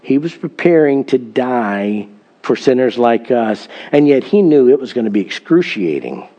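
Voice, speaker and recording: A man's voice: medium pitch, very animated, moderate pace, mellow, highs cut off. A middle-aged man, a pastor, preaching a sermon in an earnest storytelling manner, with emphatic scripture reading.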